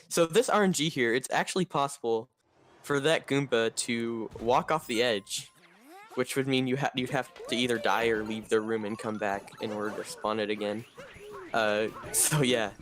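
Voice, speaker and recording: A man giving relaxed live commentary on a speedrun race, explaining the tricky parts. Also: lowish voice. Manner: explanatory, relaxed, laughs easily.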